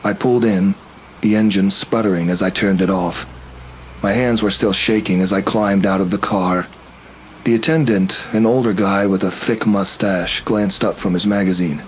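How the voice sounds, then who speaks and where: A man narrating a first-person horror story in a steady, tense storytelling manner. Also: low voice, moderate pace, slight background noise, low-quality recording.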